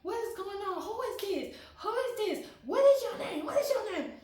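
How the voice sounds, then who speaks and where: A woman's voice: very high voice, expressive, moderate pace, darkish tone, roomy sound, pitched above the performer's own voice. A woman voicing an angry, suspicious mother who fires repeated questions at her daughter. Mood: alarmed.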